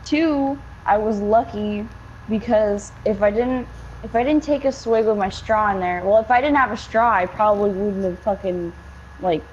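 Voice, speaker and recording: A young woman tells a casual, rambling story at a moderate pace, swearing often and packing in "likes" and fillers. Her medium-pitched voice has a darkish tone, and the dull lo-fi game-capture audio carries a little hiss or hum.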